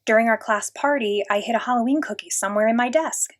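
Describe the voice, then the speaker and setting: A woman's voice: fairly high pitch, quick pace, lightly acted. A woman voicing a hyper, goofy schoolboy who rambles and argues insistently in a storybook reading. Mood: excitable.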